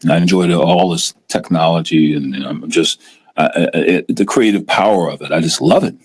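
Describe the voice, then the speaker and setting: Middle-aged male host, low husky voice, lively chatty delivery. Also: a little fast. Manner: animated, acts out scared investors in a raised voice. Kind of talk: casual live-stream talk.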